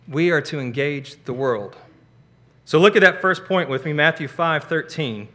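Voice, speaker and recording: Emphatic pastor with a bright voice. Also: male voice, on the high side. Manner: emphatic preaching with rising stresses. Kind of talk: sermon.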